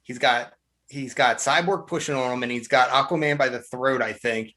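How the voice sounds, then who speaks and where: Guy on a movie podcast, bright voice, keeps doing the characters' lines. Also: mid-range voice, moderate pace. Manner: animated, acts out movie scenes. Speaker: podcast co-host. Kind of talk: casual movie review chat.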